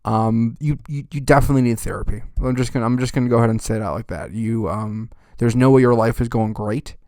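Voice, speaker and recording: Brief: young male golf podcast host, profane ranter, smooth clear voice, dry close sound. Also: medium pitch, quick pace, no room sound. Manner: swears constantly, rants loudly, then winds down. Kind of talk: profane ranting recap.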